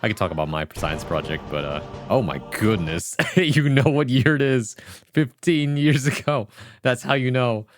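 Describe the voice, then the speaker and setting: A man's voice: mid-range voice, animated, normal speed, no room sound, soft background music. A man streaming live, chatting casually with his viewers in a rambling, jokey way and laughing often. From Vietnamese heritage. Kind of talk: casual livestream chat.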